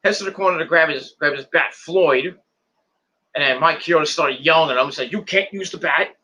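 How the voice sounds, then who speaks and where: Bright-voiced man recapping wrestling. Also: a little high, moderate pace, a little hiss or hum. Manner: rambling, repeats words, restarts. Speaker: wrestling show reviewer. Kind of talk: casual play-by-play recap.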